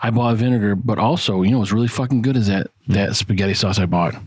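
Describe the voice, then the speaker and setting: A man's voice: on the low side, quick pace, a little mellow, husky, no room sound. A middle-aged American man co-hosting a podcast in loose, swear-heavy casual chat. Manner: loose, swears a lot, laughs often. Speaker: podcast co-host.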